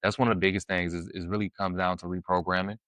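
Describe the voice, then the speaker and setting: A man talking casually about faith and dating as a podcast guest, animated and fond of "you know what I'm saying", sometimes acting out his prayers. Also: sits low, fast talker, dry recording. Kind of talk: casual faith-based conversation.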